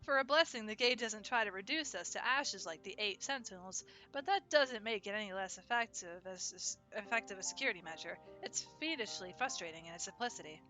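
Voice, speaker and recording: Stock game NPC lines voiced by a woman streamer, plain read, bright tone. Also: medium pitch, lively intonation, soft background music. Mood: matter-of-fact. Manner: plain unhurried read-aloud.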